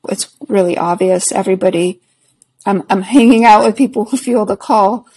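Unhurried, breathy-voiced woman guest. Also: mid-range voice, poor audio. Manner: reflective, earnest, laughs softly between thoughts. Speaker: podcast guest, spiritual practitioner. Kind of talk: casual conversation.

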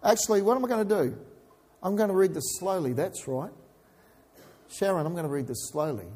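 A man's voice: sits high, fairly quick, mellow. A man preaching a sermon as pastor, chatting and joking with his congregation between scripture readings. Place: church hall. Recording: long hall reverb.

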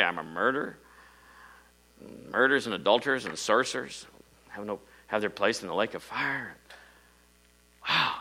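A man in the pulpit with a strikingly bright, forward voice. He preaches with dramatic swings, booming on key words, then dropping to quiet asides. He slips into little quoted voices to act out his stories. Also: vocal fry. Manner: dynamic preacher, swings from loud emphatic bursts to quiet asides. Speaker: pastor. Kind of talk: sermon.

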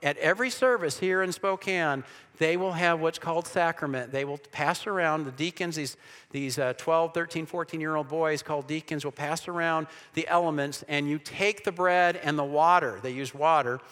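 A man's voice: fairly high pitch, moderate pace, a bit bright. Emphatic man preaching in a hall. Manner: emphatic, with sarcastic asides and rhetorical questions; frequent restarts and repeated words. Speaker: Christian speaker on evangelizing. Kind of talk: preached talk to an audience. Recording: long hall reverb.

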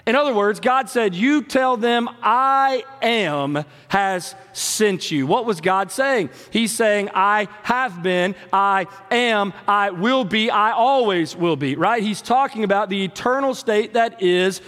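A man preaching a sermon as pastor, emphatic, with dramatic swings in pitch and slow stressed phrases. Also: a bit bright. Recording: long hall reverb.

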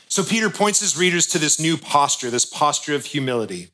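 A man's voice: on the high side, very animated, moderate pace, hardly any pauses, bright, forceful tone. A male pastor giving an earnest, conversational sermon with touches of light humor.

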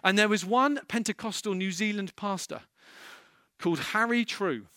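A man's voice: high voice, normal speed, pushed and bright, no room sound, studio quality. A man preaching a sermon as pastor, impassioned, building to emphatic peaks.

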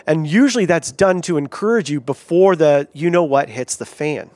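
A man preaching a sermon as a pastor, telling a personal story with lively quoted asides. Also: a little high, moderate pace, no echo.

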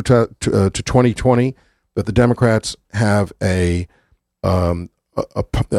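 Brief: politician guest, lowish voice, measured pace with ums, dry studio sound. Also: male voice, a little mellow, no echo. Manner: measured, fills pauses with um and uh. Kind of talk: radio studio conversation.

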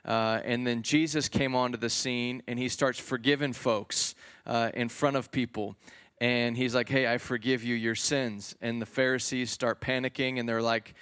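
A man's voice: medium pitch, flat delivery, moderate pace, fairly bright tone, smooth. Male pastor, chatty sermon delivery, resonant and clean tone. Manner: conversational preaching with fillers and casual slang. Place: church hall before a congregation.

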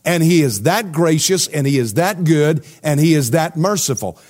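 Male pastor, slightly high voice, conversational sermon, rhetorical questions. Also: expressive, normal speed, a little mellow.

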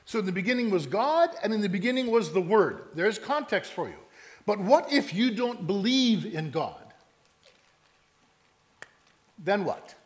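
Male preacher, high voice, animated storyteller who acts out dialogue, sermon delivery. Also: measured pace, pauses often. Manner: animated storytelling, acting out both sides of conversations.

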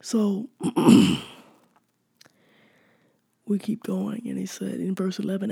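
Woman preacher talking it through, mellow low tone, lots of fry, half whispering. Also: steady tone, slow pace, long pauses. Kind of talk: sermon.

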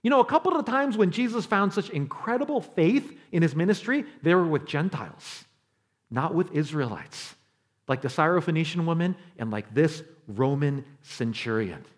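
High-voiced preacher, animated storytelling. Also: male voice. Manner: drops to a quiet, slow voice for emphasis. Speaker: pastor. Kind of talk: sermon.

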